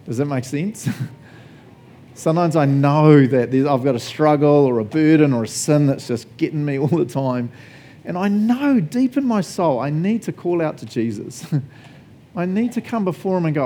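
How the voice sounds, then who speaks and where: A man's voice: on the high side, mellow, a little hiss or hum. A male pastor preaching a sermon conversationally, laughing often and asking the congregation questions.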